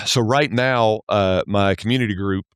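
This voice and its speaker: A Southern man talks as a podcast guest, earnest and relaxed, doubling words as he gathers his thoughts. His voice sits fairly low and sounds smooth and clear. The recording is close and dry. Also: a little slow, no echo. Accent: Southern American. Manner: repeats words when starting sentences, relaxed and earnest. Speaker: podcast guest, church accounting specialist. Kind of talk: casual interview conversation.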